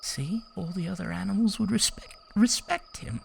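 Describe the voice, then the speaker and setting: A woman's voice: mid-range voice, moderate pace, gravelly, darkish tone, a little hiss or hum. A woman reading a children's picture book aloud in a sing-song way, stopping to chat about the pictures.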